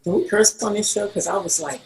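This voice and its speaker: Animated woman storyteller, roomy echo. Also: mid-range voice, a little fast. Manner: animated, acts out quoted dialogue. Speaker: podcast guest, costume designer. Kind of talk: telling an anecdote in an interview.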